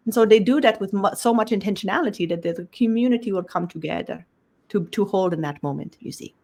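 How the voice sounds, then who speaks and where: Speaking as a collective voice, a woman delivers a channeled spiritual talk, her medium-pitched voice a little mellow. She halts and repeats words while searching for them, ending almost every phrase with the same tag question.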